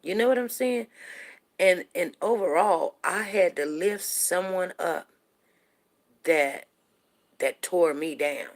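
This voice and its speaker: A woman with a low voice tells a story from her own life in a loose, chatty way. She is middle-aged and animated, doubles up her words, and keeps checking in with her listeners. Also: takes it slowly, long pauses. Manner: animated, repeats words, asks listeners "you know what I'm saying". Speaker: show host telling a personal story. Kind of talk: casual storytelling to viewers.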